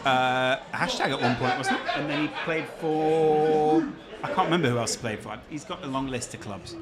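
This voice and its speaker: A man's voice: a little high, moderate pace. Man commentating over crowd noise. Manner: chatty, bantering, exclaims at big moments. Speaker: host. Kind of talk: live match watch-along commentary. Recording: loud crowd noise behind.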